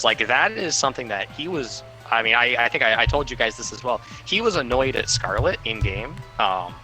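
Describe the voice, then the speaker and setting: A young man chatting on a livestream, his voice bright and forward. He rambles along with lots of "like" and "um," at an ordinary middle pitch. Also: low-quality recording. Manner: rambling, full of "like" and "um". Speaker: game player. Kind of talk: casual livestream chat.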